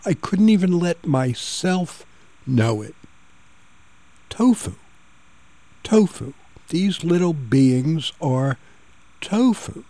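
An older man hosting a radio talk show, telling a personal story in a gentle, reflective way and introducing his guests. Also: mid-range voice, gravelly, slightly rough, dry recording.

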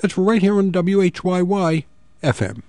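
Man, radio talk host, gravelly, mellow tone, halting thoughtful delivery, dry studio mic. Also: high voice, animated, dry recording. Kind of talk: public radio call-in interview. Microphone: studio microphone.

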